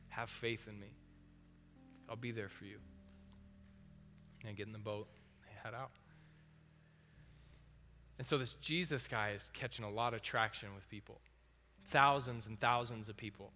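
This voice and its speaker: Male preacher, casual and animated storyteller, bright forceful voice, long hall echo. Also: mid-range voice, a little hiss or hum. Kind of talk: sermon. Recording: long hall reverb with faint music.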